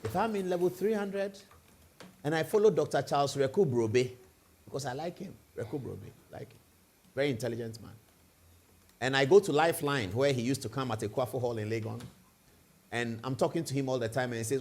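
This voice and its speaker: A man with a Ghanaian accent hosts a live evening TV talk show, speaking fast and expressively in a medium-pitched, darkish voice. He asks rhetorical questions and spins hypothetical first-person stories.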